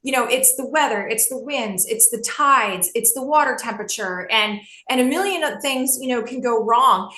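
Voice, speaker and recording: A woman in her fifties tells stories as a guest, with a high, bright voice. She acts out quotes with lively energy. The room sounds echoey. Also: moderate pace, hardly any pauses. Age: 50s. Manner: animated storyteller, acts out quotes. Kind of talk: casual chat.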